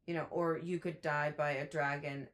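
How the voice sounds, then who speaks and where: A woman's voice: low-pitched, level tone, normal speed. A woman co-hosting a book podcast, chatting casually, often acting out characters' lines and swearing now and then. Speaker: podcast co-host.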